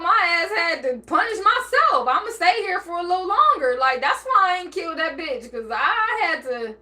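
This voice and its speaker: A woman's voice: high-pitched, bright, forceful tone. A woman vlogger speaking in an emotional, blunt and profane personal monologue, acting out bits of dialogue. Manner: emotional, near tears and laughing by turns.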